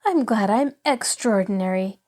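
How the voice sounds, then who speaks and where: A woman's voice: mid-range voice, expressive, moderate pace, darkish tone, lightly acted. A woman reading a storybook aloud, voicing an eager, cheerful little girl who chatters on.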